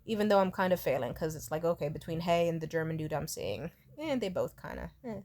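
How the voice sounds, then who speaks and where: A woman's voice: low voice, very animated, fast talker, a little mellow. A young woman in her twenties telling a rambling, candid storytime vlog, swearing freely and slipping into quoted voices. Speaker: vlogger.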